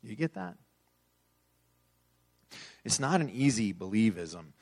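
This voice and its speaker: A pastor preaching a sermon to his congregation, joking and swelling loud for emphasis. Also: lowish voice, very animated, takes it slowly.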